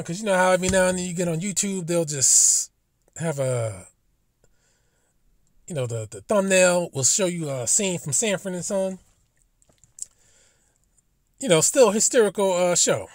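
A man's voice: sits high, animated, unhurried, pauses often, no room sound. Profane, indignant man ranting dryly. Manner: profane, emphatic, asks indignant rhetorical questions. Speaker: commentary vlogger. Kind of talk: casual commentary monologue.

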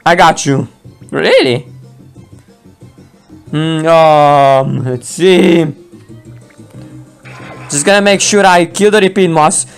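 A man giving playful, excitable game commentary, laughing often and throwing in mock roars while he voices both sides of a match. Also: on the high side, slow, long pauses, smooth, soft background music. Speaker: gameplay commentator.

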